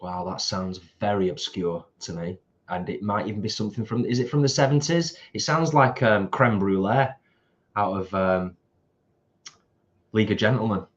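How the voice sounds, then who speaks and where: A man's voice: lowish voice, lively intonation, normal speed, lo-fi sound. A British man co-hosting a live stream, chatting casually, reading out viewer comments and laughing easily.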